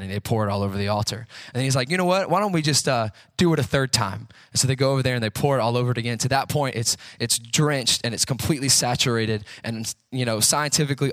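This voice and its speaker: A man's voice: medium pitch, fairly bright tone, no echo. A man preaching a sermon in a conversational way, asking rhetorical questions and acting out the quotes he tells. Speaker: pastor.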